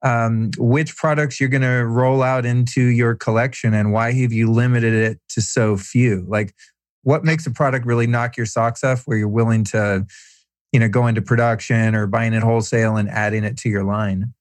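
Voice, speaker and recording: A man's voice: medium pitch, steady tone, normal speed, dry recording. A man hosting a podcast interview, curious and upbeat, asking long, rambling questions. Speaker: podcast host. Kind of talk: casual interview talk.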